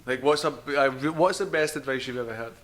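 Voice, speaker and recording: A man's voice: mid-range voice, quick pace, fairly bright tone. A man co-hosting a podcast, tossing out offhand absurd quips in casual banter. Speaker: podcast co-host.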